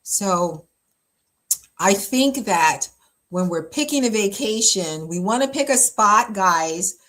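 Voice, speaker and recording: A woman's voice: medium pitch, animated, slow pace, fairly bright tone. A woman pastor giving easygoing relationship advice in a mid-range voice. She talks in a chatty, emphatic way, with plenty of fillers and asides as she drives her points home. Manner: chatty and emphatic, many fillers, frequent laughs. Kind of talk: casual relationship advice talk.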